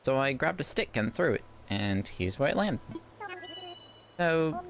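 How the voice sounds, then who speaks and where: A woman voicing a cheerful, eager island villager with a rough put-on Australian accent, reading game lines in a bubbly way. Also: a bass voice, very animated, measured pace, slight background noise, voice pushed up, exaggerated voice. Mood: chirpy.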